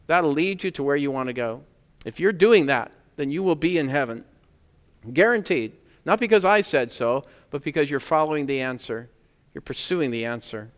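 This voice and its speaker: A man's voice: a little high, animated, moderate pace. Man preaching in a reverberant hall. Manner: conversational, emphatic, rising to loud stresses. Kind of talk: sermon.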